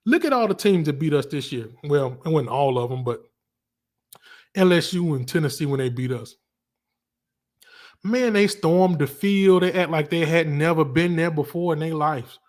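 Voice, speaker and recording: A man from Alabama with a Southern accent and a slightly high voice hosts a casual livestream at a moderate pace. He rants about college football in a rambling, animated way, full of slang.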